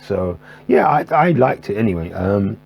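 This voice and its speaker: This man's voice sits on the low side, sing-song, gravelly, husky, and a little mellow, at a moderate pace. He chats casually to camera about his jazz record collection, rambling with many fillers and restarts, on poor audio with a faint electrical buzz.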